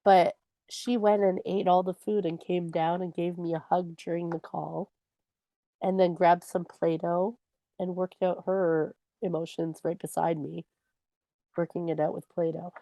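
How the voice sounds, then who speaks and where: A woman's voice: on the low side, flat delivery, unhurried, warm tone, no echo. A woman co-hosting a podcast, telling a personal parenting story in an earnest way. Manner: earnest storytelling, acts out her own quoted words. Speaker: podcast co-host. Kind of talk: casual chat.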